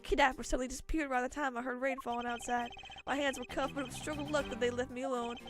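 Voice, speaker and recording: A woman's voice: sits high, flat delivery, racing, over music, lightly acted. A woman voicing a posh, earnest young man from a video game who pleads to be believed. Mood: pleading.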